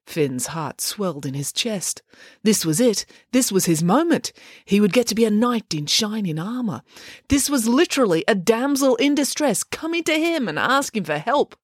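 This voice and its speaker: A woman reading a children's chapter book aloud as a storyteller, with an expressive, animated delivery. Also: medium pitch, normal speed, no room sound, clean studio sound.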